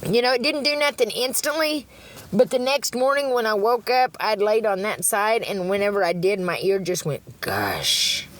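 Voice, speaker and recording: A woman's voice: fairly high pitch, moderate pace. A middle-aged woman rambling on a livestream, blunt and profane, laughing often and talking about God.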